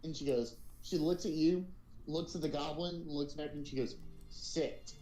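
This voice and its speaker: A man's voice: a little high, steady tone, normal speed, dark tone, faint music behind. Man narrating a tabletop game, echoey room. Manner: casual, filler-heavy narration. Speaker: dungeon master.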